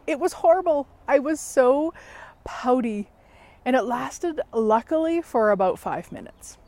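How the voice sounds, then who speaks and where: A woman telling a story in a chatty, animated vlog from outdoors in a backyard, laughing at herself as she goes. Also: high voice, measured pace, no echo. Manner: chatty, animated, self-mocking. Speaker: facilitator and show host.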